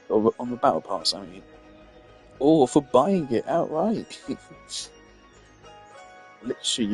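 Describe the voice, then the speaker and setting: A young man playing a game and chatting casually as he goes, opinionated and a bit tired, his voice often trailing off into mumbles. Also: fairly low pitch. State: tired, yawning. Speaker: gaming streamer. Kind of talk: casual let's-play commentary.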